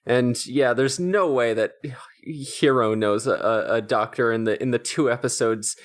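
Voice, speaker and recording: A man co-hosting a podcast, recapping an episode in a halting way with many restarts. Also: medium pitch. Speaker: podcast co-host. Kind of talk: casual recap chat.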